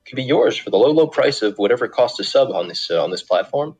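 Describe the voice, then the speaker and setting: A man co-hosting a casual gaming stream, chatting in fast joking banter. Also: mid-range voice, animated, a little mellow, husky, faint music behind. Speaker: stream co-host.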